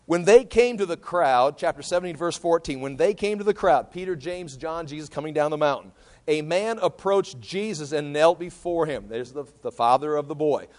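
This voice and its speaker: A man's voice: on the high side, normal speed, darkish tone. A man teaching a sermon, reading Bible passages and explaining them in a conversational way that often repeats words. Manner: conversational, repeats words while thinking aloud, reads scripture aloud. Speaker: preacher.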